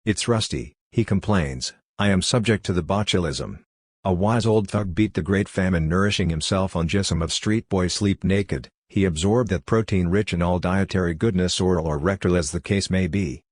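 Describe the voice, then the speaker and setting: A man giving a literary reading with an even, unhurried delivery. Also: deep voice, dry recording, clean studio sound. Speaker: reader.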